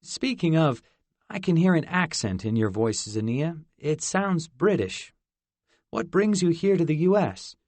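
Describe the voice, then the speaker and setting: A man's voice: fairly high pitch, very animated, unhurried, a little mellow, no room sound, voice pushed up. A male narrator voicing a kindly, chatty middle-aged aunt asking friendly questions. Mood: curious. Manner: friendly, inquisitive.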